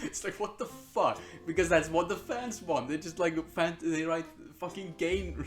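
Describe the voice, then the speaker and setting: Blunt, sarcastic man ranting a review. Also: on the high side. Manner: blunt, sarcastic, swears a lot, mocks in raised voices. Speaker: movie and TV reviewer.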